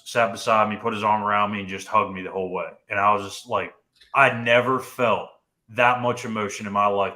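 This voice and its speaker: A man's voice: on the low side, pushed and bright, reverberant. A young man co-hosting a sports podcast, telling a story casually and often saying "dude" and "like". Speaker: podcast co-host.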